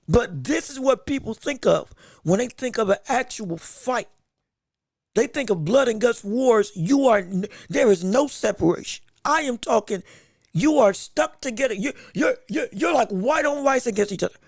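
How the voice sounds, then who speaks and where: A man hosting a livestream fight commentary podcast, excitable and emphatic, talking in casual slang and repeating himself for emphasis. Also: very high voice, gravelly, husky, no room sound, clean studio sound. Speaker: podcast host.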